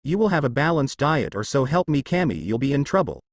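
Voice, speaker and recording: A man voicing a quick-tempered, overprotective mother who scolds bossily. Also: medium pitch, very animated, no room sound. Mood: scolding. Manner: scolding, bossy.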